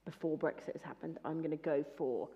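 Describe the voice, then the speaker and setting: Deep-voiced woman talking politics. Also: fairly even intonation, warm tone, highs cut off. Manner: measured, thinking aloud. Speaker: political commentator, former party staffer. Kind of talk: casual political chat.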